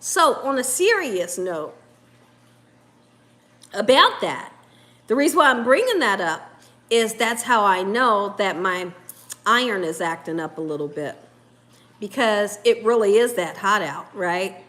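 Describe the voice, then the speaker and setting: A woman's voice: medium pitch, expressive, measured pace, long pauses, fairly bright tone. A woman hosting a live cooking stream in a casual, chatty way, laughing often and reading viewer comments aloud. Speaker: cooking show host.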